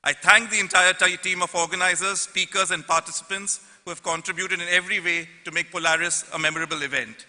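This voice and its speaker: A man giving a formal prepared welcome speech at a conference, measured and addressing the audience. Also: sits high, fairly even intonation, pushed and bright. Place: large convention hall. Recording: long reverb from a large hall.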